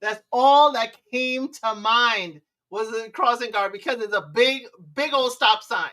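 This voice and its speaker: A woman hosting a live advice stream, sassy and teasing, with disapproving hums between her remarks. Her voice sits a little high and sounds bright and forceful. She is some distance from the mic. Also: measured pace. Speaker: livestream host giving relationship advice. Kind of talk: casual live commentary.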